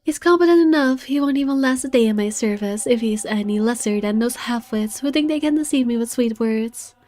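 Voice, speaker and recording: A woman's voice: fairly high pitch, warm tone, close to an everyday voice. A woman reading as a proud young man. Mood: haughty. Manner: measured, dramatic reading. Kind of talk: reading game narration aloud. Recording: faint game music behind.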